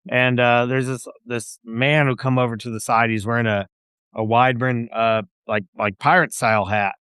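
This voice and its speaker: A man's voice: mid-range voice, little pitch movement, normal speed, a bit bright, smooth, no room sound, clean studio sound. A man narrating as game master of a tabletop game, rambling with many fillers.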